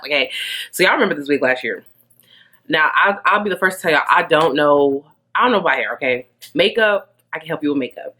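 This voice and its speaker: Chatty young woman vlogger, lively low voice. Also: brisk. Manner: chatty, rambling, laughs often. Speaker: beauty vlogger. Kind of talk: casual vlog chat.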